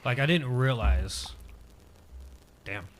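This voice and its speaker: A man's voice: medium pitch, lively intonation, slow pace, slight background noise. A man in his twenties, a podcast guest, telling a personal story casually and hesitantly, with many filler words.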